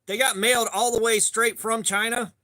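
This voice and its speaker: A man with a high, bright voice hosts a casual live stream. He greets viewers one after another by name and rambles loosely from topic to topic. His tone is forceful and upbeat. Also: fairly even intonation, normal speed. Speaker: livestream host.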